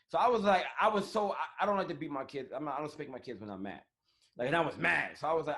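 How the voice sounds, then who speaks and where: A man hosting a live online talk show, telling frank, animated stories full of slang and swearing, on a phone or webcam mic. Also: on the high side, quick pace, gravelly. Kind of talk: casual chat. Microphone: phone or webcam on a live stream.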